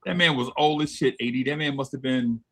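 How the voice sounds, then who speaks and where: A man telling a childhood story in casual chat, animated and acting out voices as he goes. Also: medium pitch, brisk. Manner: animated, laughing storyteller who acts out voices. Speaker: podcast co-host.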